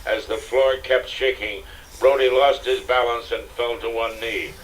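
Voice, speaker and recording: An older man narrating an audiobook in a steady, dramatic storytelling manner, on a distant, hissy cassette recording. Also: mid-range voice, a little slow. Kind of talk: scripted narration.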